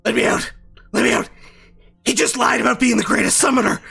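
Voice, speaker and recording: Give me a man doing a frantic, gravelly demon trapped in a sword. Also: very high voice, flat delivery, fairly quick, faint music behind, voice pushed up, heavily acted. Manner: frantic shouting.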